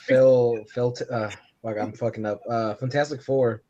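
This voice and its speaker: A man's voice: medium pitch, steady tone, moderate pace, background noise. A man co-hosting a podcast, telling a long, profane movie rant and acting out the lines he quotes. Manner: profane, rambling, acts out quotes. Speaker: podcast co-host. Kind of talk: casual chat. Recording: dull lo-fi podcast audio.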